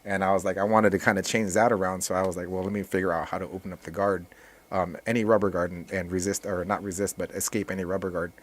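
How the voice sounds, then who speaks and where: A man who teaches jiu-jitsu, talking casually as a podcast guest in a relaxed, rambling way with many restarts. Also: sits low, fast talker.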